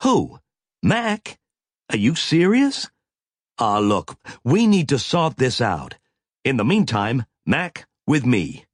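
A man voicing a stern, commanding woman starship captain who snaps sharp orders, raising his pitch well above his own. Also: sing-song, takes it slowly, slightly rough, no echo, studio quality, exaggerated voice. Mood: probing.

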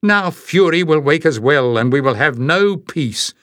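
Reading from a storybook, a man voices a fierce, blunt young woman, pitching himself above his natural range with a curt, scolding manner. His medium-pitched delivery swings widely in pitch at a moderate pace, recorded at studio quality with no echo.

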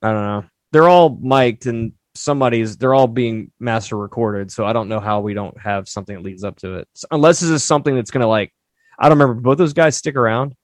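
A man's voice: mid-range voice, brisk, dry recording, clean studio sound. A man co-hosting a podcast, chatting loosely about a TV show and filling his talk with "like". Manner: loose and filler-heavy, often saying "like". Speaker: podcast co-host. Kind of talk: casual chat, recapping a TV show.

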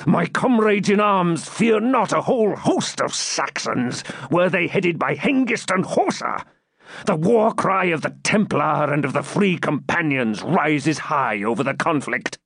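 Brief: furious injured nobleman, male reader, slow and animated, dry close sound. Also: fairly high pitch, creaky, husky, no room sound, heavily acted. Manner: furious, shouting, cursing. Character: wounded, raging knightly baron. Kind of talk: audiobook character reading.

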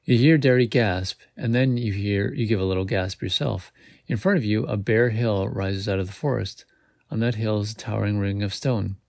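A man with a fairly low, gravelly voice reads a gamebook aloud for his podcast. He keeps it casual, stumbling and correcting himself now and then. The sound is dry and close. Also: normal speed, darkish tone, dry recording. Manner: casual reading with slips and self-corrections. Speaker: podcast host.

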